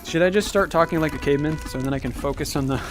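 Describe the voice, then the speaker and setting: Young male gamer, slightly high voice, dry self-deprecating humor, weary from a marathon stream. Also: very fast. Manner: wry, self-mocking, chatting to viewers while playing. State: tired from a very long stream. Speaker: livestreamer. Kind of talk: casual livestream gaming commentary. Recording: game music playing behind.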